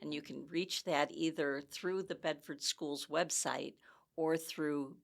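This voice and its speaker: A woman's voice: deep voice, steady tone, slow, gravelly. A woman from Michigan, a guest in a casual interview, explaining things in a chatty, friendly way with restarts. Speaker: community education guest.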